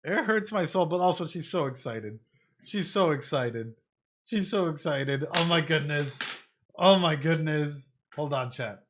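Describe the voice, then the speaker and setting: A man giving casual reaction commentary to an animated show on a live stream, talking straight to his chat and often repeating phrases. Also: a little high, a little slow. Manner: chatty, repeats phrases, addresses chat directly; thinks in Spanish at times.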